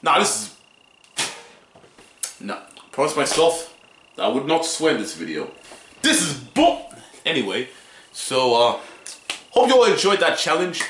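Male vlogger, playful, slow and lively, echoey room. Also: medium pitch, slight background noise. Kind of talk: casual vlog. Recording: roomy, faint music.

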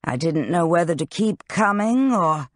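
A playful young male wizard who loves to show off, his lines drawn out at an unhurried pace, as an audiobook reader puts him on. He teases more than he threatens. The sound is close and dry, with no room around it. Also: mid-range voice, expressive, no echo, pitched above the performer's own voice, close to an everyday voice. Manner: teasing and showy. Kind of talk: audiobook character reading.

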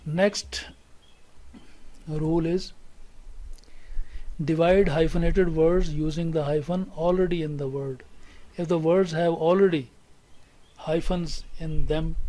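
A man with a Pakistani English accent teaching a recorded English lesson, slow and deliberate, repeating words for students to say along. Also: on the high side, warm tone, rough recording. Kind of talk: recorded classroom lecture.

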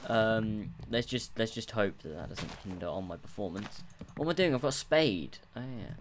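A man's voice: fairly low pitch, animated, normal speed, background noise. A man giving casual, rambling commentary on his own gameplay at home, self-mocking and swearing often. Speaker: let's play gamer. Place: room at home, others in the house.

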